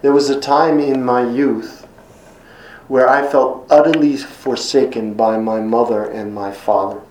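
A middle-aged man preaching a sermon in an earnest, emphatic way, slowing down and repeating words when quoting scripture. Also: medium pitch, steady tone, a little mellow, echoey room, slight background noise, poor audio. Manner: earnest, emphatic repetitions, slows for scripture quotes. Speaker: pastor.

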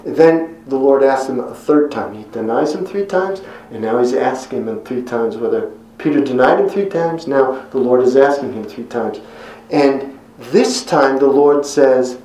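A man preaching a sermon in an earnest, conversational way, pausing for effect and voicing quotes with emphasis. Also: mid-range voice, lively intonation, darkish tone, reverberant, rough recording.

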